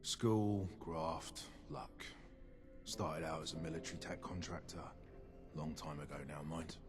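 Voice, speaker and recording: A prickly ghoul gun merchant speaks with a British accent in a very deep register. His replies are short and guarded. Game music plays steadily behind his lines. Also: a little slow. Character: curt, prickly ghoul ammo merchant, a grown man. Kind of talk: video game dialogue.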